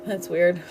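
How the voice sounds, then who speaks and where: A woman's voice: high-pitched, warm tone. A woman reading tarot on a live stream, chatty and affectionate, calling her viewers sweetheart and babe. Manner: chatty, with frequent "like" and laughs. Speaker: tarot reader.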